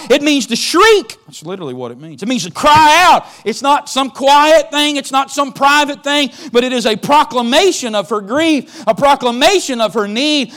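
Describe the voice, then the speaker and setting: A male pastor with a high-pitched voice delivers a sermon. He moves between hushed, low stretches and loud, shouted exhortation, and calls on the congregation to answer him. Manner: swings from soft and low to loud shouted preaching.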